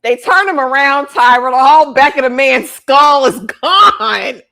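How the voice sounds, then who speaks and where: A woman co-hosting a casual livestream show review, animated and slangy, often acting out the scenes she describes. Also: a little high, moderate pace, hardly any pauses. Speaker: co-host.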